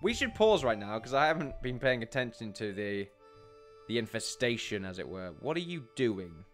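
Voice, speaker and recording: A young man with a lowish, slightly bright voice comments on a building game in a casual let's play, animated and moving at a moderate pace. He wanders from thought to thought, laughs frequently, and jokes at his own expense over faint background music.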